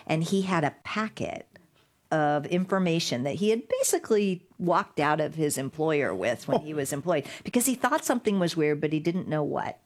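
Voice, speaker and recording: A middle-aged woman, a guest in an interview, telling stories in a lively way and acting out the voices of the people she quotes. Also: sits low, normal speed. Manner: animated storyteller, acts out quoted voices. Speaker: guest, digital rights lawyer. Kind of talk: conversational interview storytelling.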